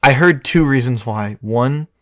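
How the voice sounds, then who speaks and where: A man co-hosting a casual film review chat, excitable and quick to swear and laugh. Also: mid-range voice, no echo, clean studio sound. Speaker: podcast co-host.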